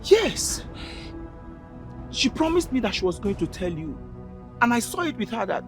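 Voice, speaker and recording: Background music plays beneath this Nollywood film audio, where an actor with a Nigerian English accent portrays a defensive young man protesting his innocence to his friends. His voice sits high and sing-song, moving at a moderate pace.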